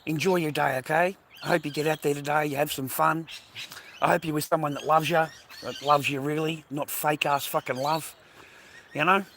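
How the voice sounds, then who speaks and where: A man's voice: on the high side, steady tone, moderate pace, a bit bright, slight background noise. Swearing Australian man rambling outdoors. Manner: profane, rambling, slangy, repeats himself. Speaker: vlogger. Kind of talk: rambling casual monologue to camera. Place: outdoors by water with ducks.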